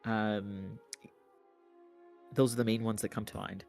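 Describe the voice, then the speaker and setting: A man narrating as game master, unhurried and halting, with many fillers. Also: lowish voice, little pitch movement, creaky, a little mellow, soft background music.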